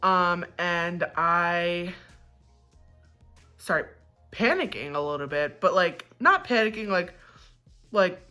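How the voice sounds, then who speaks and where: A woman vlogger tells a personal story in a casual, candid way. Her voice sits a little low but comes across bright and forceful. She talks loosely and plainly, with the odd swear word. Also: slow pace, pauses often, soft background music. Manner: candid, profane, chatty.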